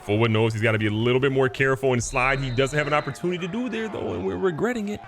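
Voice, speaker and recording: A young man giving excited, joking commentary over a football video game, jumping to sudden high yelps when a play goes wrong. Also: rapid-fire. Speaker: gaming YouTuber.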